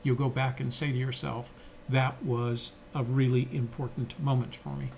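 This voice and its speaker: A man's voice: medium pitch, flat delivery, moderate pace, creaky, darkish tone, a little hiss or hum. An older man co-hosting a podcast, telling stories in a reflective, conversational way with frequent fillers and restarts. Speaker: podcast co-host. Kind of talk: reflective storytelling.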